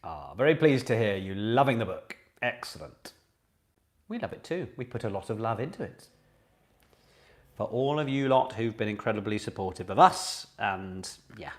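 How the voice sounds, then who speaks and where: A man's voice: mid-range voice, big pitch swings, a little slow, long pauses. A man hosting a live online pub quiz, chatting with viewers and reading out each question twice. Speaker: quiz host.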